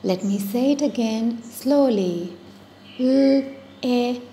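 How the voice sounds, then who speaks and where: A woman teaching phonics at a very slow, deliberate pace, saying each word twice and sounding it out. Her voice is mellow and soft. A faint hiss sits under the recording. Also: medium pitch. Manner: repeats each word, stretches sounds out slowly. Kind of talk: slow, patient phonics lesson for young children.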